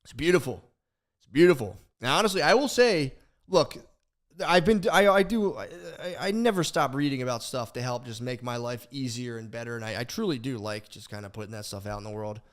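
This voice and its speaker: A young man co-hosting a podcast, telling a story in a rambling, profane, animated way, full of restarts. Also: medium pitch, a little fast. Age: young adult. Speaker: podcast co-host. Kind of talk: casual podcast chat.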